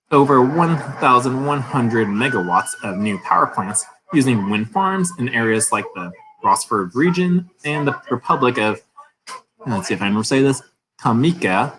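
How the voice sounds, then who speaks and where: A man's voice: mid-range voice, background noise. A man hosting a crypto news channel, reading articles aloud and breaking off for chatty asides and laughs. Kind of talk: casual news reading and commentary.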